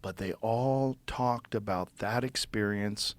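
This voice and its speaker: A man's voice: fairly low pitch, slow pace, dry recording. Reflective man musing aloud. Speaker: comedy club owner. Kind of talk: casual chat.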